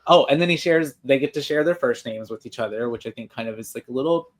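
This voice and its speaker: Male podcast co-host, mid-pitched and loose, rambling film recap. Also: fast talker. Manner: rambling, heavy on fillers like "like" and "you know". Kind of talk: casual chat recapping a horror film.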